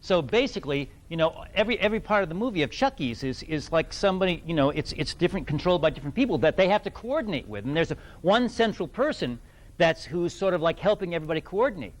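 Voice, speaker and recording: A middle-aged man from New England telling an anecdote to a fan audience, animated and laughing, with many restarts. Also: fairly high pitch, fast talker. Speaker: guest actor at fan event. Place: event hall with audience.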